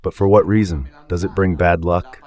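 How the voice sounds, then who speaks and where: A man's voice: sits low, fairly even intonation, moderate pace, darkish tone. A man giving a rambling spoken commentary on Catholic radio, full of rhetorical questions.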